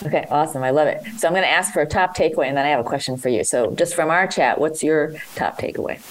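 A woman's voice: low voice, fast. A woman hosting a call-in show and coaching a caller on workplace communication, talking with energy and acting out sample dialogues.

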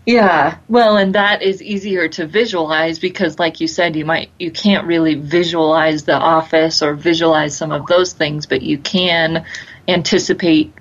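A woman's voice: sits low, steady tone, normal speed, highs cut off. A woman hosting an interview, chatting casually and affirming her guest with short interjections. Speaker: interview host.

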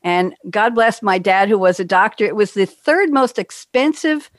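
A woman's voice: mid-range voice, animated, moderate pace, no echo. An older woman from New York hosting a talk show, chatting and telling stories with bubbly asides. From Queens, New York. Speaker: radio show host. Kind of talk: casual chat.

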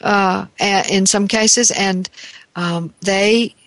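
A talk show host and counselor speaking earnestly about self-compassion, often restarting sentences and slowing down for emphasis. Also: mid-range voice, steady tone, fairly bright tone, no echo.

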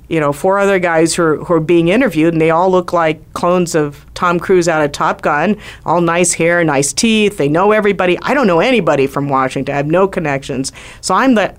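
A middle-aged woman, a former White House doctor, telling a lively personal story on a talk show. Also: lowish voice. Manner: lively anecdotal storytelling with acted quotes.

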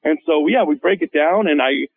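A man with a high, gravelly voice tells animated stories on a radio talk show. He speaks as a chef, uses plenty of fillers, and acts out what others said. His voice comes through a thin, phone-like line. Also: normal speed. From Hmong American. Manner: animated storyteller, acts out quotes, many fillers. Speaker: chef and TV show host, guest. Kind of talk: casual radio interview storytelling. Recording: phone-line guest audio.

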